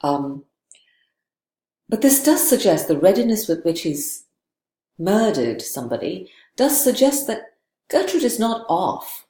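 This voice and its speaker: A woman's voice: mid-range voice, very animated, a little slow, pauses often, dark tone, reverberant. A woman giving a literature lecture, thoughtful and digressive, often checking in with "right?". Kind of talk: recorded lecture.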